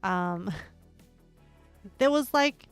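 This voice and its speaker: A woman livestreamer chatting casually while she builds in a game, rambling and excitable and laughing often. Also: medium pitch, extremely slow, clean tone, no room sound, faint music behind.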